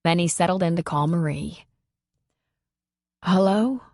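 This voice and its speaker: Woman narrating an audiobook, low voice. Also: animated, a little slow, darkish tone, no echo, studio quality. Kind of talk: scripted narration.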